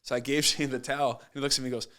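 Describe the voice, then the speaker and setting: A man guesting on a podcast as a basketball coach, telling stories in a casual, animated way and acting out what people said. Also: medium pitch, racing, clear, resonant tone. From Nova Scotia, Canada. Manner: animated, acts out quoted voices. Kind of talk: casual storytelling.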